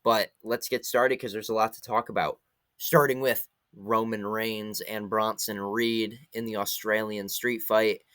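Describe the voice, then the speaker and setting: A young man giving a casual recap of a wrestling event, retelling the action in an excited play-by-play way. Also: fairly low pitch, measured pace, no echo.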